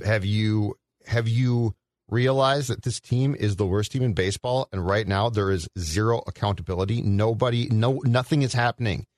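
A man's voice: on the low side, no echo. A middle-aged man hosting a sports talk show, ranting in a sarcastic, exasperated and emphatic way. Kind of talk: heated sports radio rant.

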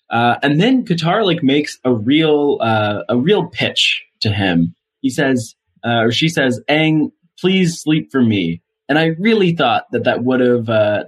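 A man's voice: on the low side, breathy edge. A young man co-hosting a casual show rewatch podcast, rambling with lots of fillers and dry self-deprecating asides. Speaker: podcast co-host.

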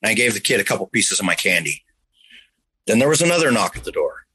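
A man's voice: on the low side, big pitch swings, quick pace, pushed and bright, slight background noise, poor audio. A man earnestly telling a personal story in a rambling, conversational way, now and then making sound effects.

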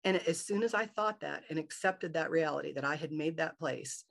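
Gravelly-voiced woman telling her story. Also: low voice, moderate pace. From Michigan, USA. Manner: animated, acts out her own inner thoughts in quotes. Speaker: guest. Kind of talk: personal storytelling in a podcast interview.

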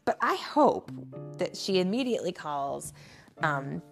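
A woman reading a bedtime story aloud in an expressive, playful way, then chatting with her child as a parent. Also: on the low side, unhurried, vocal fry, soft background music.

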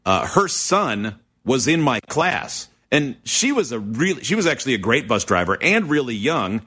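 A man's voice: medium pitch, sing-song, normal speed, a bit bright, husky. A man telling stories in a casual chat, joking with crude humor.

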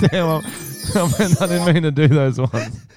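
A man co-hosting a comedy podcast, joking and playful. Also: on the high side. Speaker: podcast co-host. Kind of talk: casual comedy chat.

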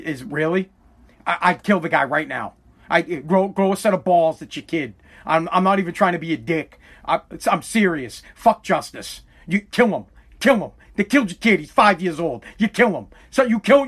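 A podcast host from Massachusetts rants through a heated monologue. His voice sits high for a man. He swears freely and speaks with fiery intensity. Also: moderate pace, a bit bright, husky. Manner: ranting, profane, fiery.

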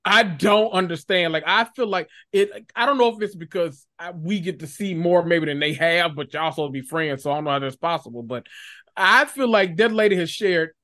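Podcast guest, casual chat, mid-pitched voice, slangy, laughs often. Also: a little fast, fairly bright tone.

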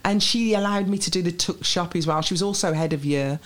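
A woman's voice: lowish voice, a little fast. Chatty woman with a Birmingham accent. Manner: lively, chatty, laughs easily. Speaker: interview guest. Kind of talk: casual chat.

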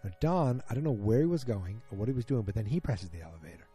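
Very dark-voiced man, rambling recap. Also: fairly low pitch, expressive, fast talker, slightly rough, soft background music. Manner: rambling, musing, trails off with ums and restarts; speaks to listeners directly. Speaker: TV episode recapper. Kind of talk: casual episode recap.

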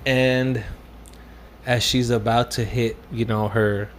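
A man's voice: medium pitch, little pitch movement, slow pace, slight background noise. A young man telling a story in a casual, rambling way, full of fillers and swearing, slipping into Spanish phrases now and then. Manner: profane, rambling with many fillers.

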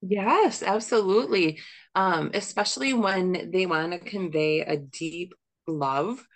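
A woman's voice: lowish voice, slow pace, low-quality recording. A woman guest on a podcast, speaking in casual chat, thoughtful and hesitant with frequent "um"s.

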